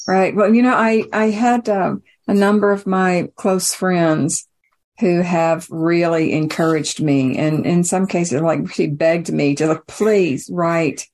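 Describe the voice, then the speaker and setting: A woman's voice: lowish voice, steady tone, measured pace. A woman author talking about her book in an interview, reflective, with frequent restarts and small laughs. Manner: reflective, warm laughing asides, many restarts. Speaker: author guest. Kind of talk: casual interview conversation.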